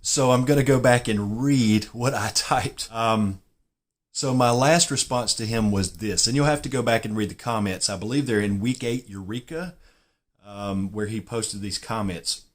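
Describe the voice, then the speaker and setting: Southern-drawling man with a low voice. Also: normal speed. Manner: rambling, self-deprecating, restarts often. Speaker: golf channel host. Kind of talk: casual explainer monologue.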